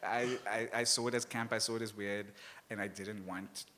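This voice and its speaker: A man with a Cape Flats South African accent and a slight sibilant lisp, telling animated stories as an author guest on a live festival panel. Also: fairly low pitch, normal speed, a crowd in the background. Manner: animated, laughs often, acts out voices. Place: live event stage.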